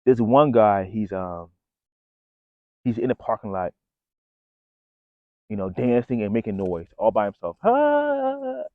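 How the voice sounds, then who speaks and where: A man's voice: on the low side, measured pace, long pauses, dry recording. A man vlogging casually to his viewers, telling a story in a loose, slangy way and calling them bro and folks. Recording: dry phone-like audio.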